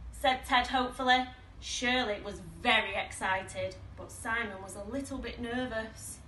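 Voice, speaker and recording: A woman from a nursery reading a picture book aloud to small children in a slow, expressive storytelling voice, recorded in an echoey room with the mic at a distance. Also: fairly high pitch.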